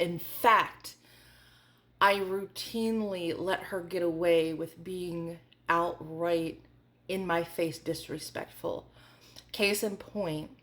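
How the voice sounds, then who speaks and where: A woman in her forties with a slightly low-pitched voice tells a personal story to camera. She talks in a chatty, candid way and fills her speech with small asides. It sounds like a casual storytime vlog. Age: 40s. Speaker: vlogger.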